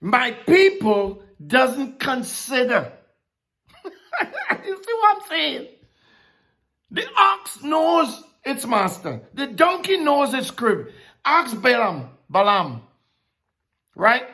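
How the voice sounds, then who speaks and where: Animated, high-voiced preacher. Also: takes it slowly, long pauses. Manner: animated, laughs often, slangy asides. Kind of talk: sermon.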